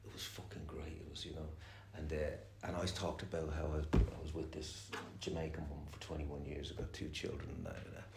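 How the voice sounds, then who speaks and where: This middle-aged man's voice is extremely low and monotone, and he speaks briskly with hardly any pauses. He's sharing at a recovery meeting, rambling, candid and swearing heavily, recorded in an echoey room with faint noise.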